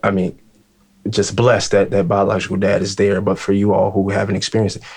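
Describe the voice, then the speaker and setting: A man with a very low, deep voice hosts a sit-down discussion. He talks earnestly and haltingly, restarting his sentences as he goes. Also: monotone, vocal fry, darkish tone, husky. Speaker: host. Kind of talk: casual discussion.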